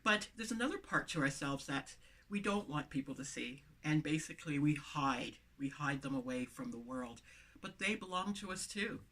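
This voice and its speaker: A woman's voice: low voice, lively intonation, moderate pace, a bit bright. A woman with a lisp, speaking to camera as a motivational vlogger, with emphatic, repeated phrases, recorded inside a van on the camera mic.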